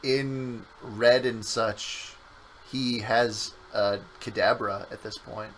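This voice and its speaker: A man's voice: mid-range voice, little pitch movement, slow, a bit bright, a little hiss or hum, rough recording. A man streaming a game with his partner, chatting casually and joking around, sometimes breaking into silly voices. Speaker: co-host playing a game on stream. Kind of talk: casual gameplay chat.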